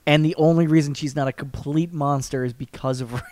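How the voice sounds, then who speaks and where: A man's voice: on the high side, fairly even intonation, fairly quick, darkish tone, dry recording. A man appearing as a guest on a podcast, talking loosely and laughing often. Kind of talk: casual chat.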